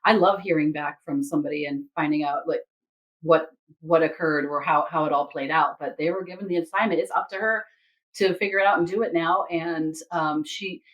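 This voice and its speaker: Woman, slightly low pitch, casual storytelling, animated quoting, spiritual reader. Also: brisk, rough recording. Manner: animated, quotes others and herself in lively asides. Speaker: Akashic Records reader.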